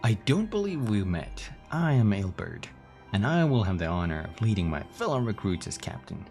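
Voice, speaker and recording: A man's voice: lowish voice, very animated, moderate pace, creaky, darkish tone, faint music behind. A man voicing a proud, formal noble captain with stately phrasing.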